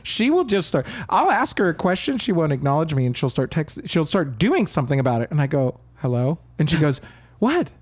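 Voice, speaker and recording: A man co-hosting a podcast in casual chat, animated, laughing often and acting out quoted lines. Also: on the high side, brisk, hardly any pauses, no room sound. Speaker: podcast co-host.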